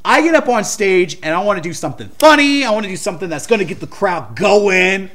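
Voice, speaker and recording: Animated high-voiced storytelling man. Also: quick pace. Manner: animated, swears often, acts out quotes. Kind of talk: casual storytelling chat.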